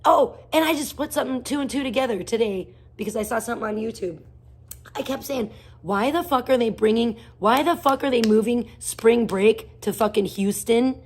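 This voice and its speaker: A woman's voice: fairly high pitch, normal speed. A woman live streaming, ranting bluntly and swearing heavily, jumping between topics and greeting viewers in chat. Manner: blunt, heavily profane, rambling rants; greets chat viewers by name mid-rant. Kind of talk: casual ranting livestream chat.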